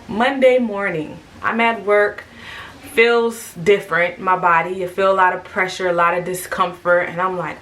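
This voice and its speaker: Bright-voiced young woman telling a story. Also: on the low side, moderate pace, distant mic, poor audio. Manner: animated, lively, quotes people in raised voices. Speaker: vlogger. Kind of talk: casual storytelling.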